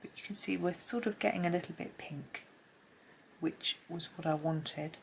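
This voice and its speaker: A low, gravelly woman chats her way through a colouring lesson at home, rambling along and murmuring little asides under her breath. There is a faint hiss in the background. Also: normal speed. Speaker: colouring tutor. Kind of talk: casual colouring tutorial, talking while drawing. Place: home room with pencils scratching on paper.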